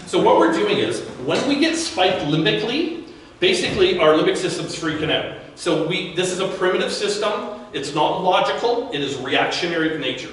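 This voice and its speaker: A man's voice: high voice, very animated, normal speed, a bit bright. A man giving a live talk to a business audience at an event, in a conversational manner with frequent restarts and repeated words. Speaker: guest speaker. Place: event room at a networking event. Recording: echoey room from far off with faint background noise.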